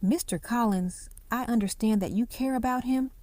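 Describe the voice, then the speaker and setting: A woman voicing a calm, even-toned female ER nurse speaking professionally. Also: on the high side, moderate pace, dry recording, close to an everyday voice. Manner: even, professional phone manner.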